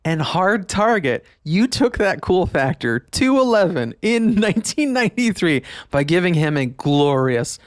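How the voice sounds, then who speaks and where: A man's voice: high voice, very animated, a little slow, hardly any pauses, no echo, studio quality. A man, hosting a nostalgic podcast monologue, enthusiastic and emphatic, laughing often as he talks. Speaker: podcast host.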